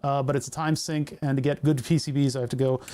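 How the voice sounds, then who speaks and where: He's live-streaming an electronics build, narrating each technical step in a loose, humorous, meandering way. The voice is mid-range and mellow, delivered flatly and at a quick pace.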